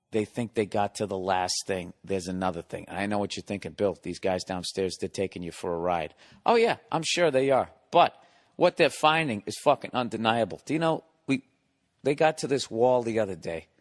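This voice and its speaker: A man's voice: on the low side, animated, moderate pace. A middle-aged man hosting his own podcast, ranting in a profane, exasperated comic monologue with sarcastic asides. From United States. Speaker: podcast host. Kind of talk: solo comedic rant.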